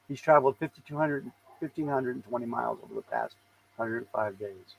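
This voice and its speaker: A man's voice: mid-range voice, muffled recording, a little hiss or hum. A middle-aged man co-hosting a casual news chat, joking, swearing and laughing as he goes. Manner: joking and profane, laughs often. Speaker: co-host.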